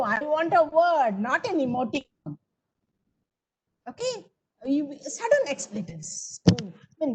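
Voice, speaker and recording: A high-pitched woman with an Indian English accent gives an online grammar lesson over a video call. She keeps asking her students questions and nudges them to answer. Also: highs cut off. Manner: coaxing, asks the class questions and answers them. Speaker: teacher. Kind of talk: online coaching lecture.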